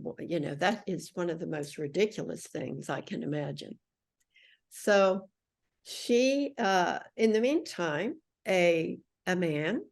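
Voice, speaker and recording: A middle-aged woman guest on a podcast, telling a personal story with lively acted-out quotes. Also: fairly low pitch. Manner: animated storyteller acting out quoted voices.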